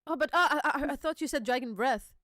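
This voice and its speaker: A woman hosting a casual reaction chat, excitable, swearing freely and laughing often. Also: sits high, fast, no echo, clean studio sound. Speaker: host.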